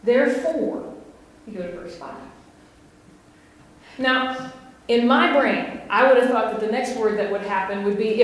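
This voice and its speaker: A West Virginian woman preaches to her congregation in a chatty, questioning way, with a fairly high voice. She is recorded from a distance in a church sanctuary, and the long reverb of the hall hangs on every phrase. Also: unhurried, pauses often, slight background noise. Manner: conversational, laughs and asks the congregation questions. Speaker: pastor. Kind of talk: sermon.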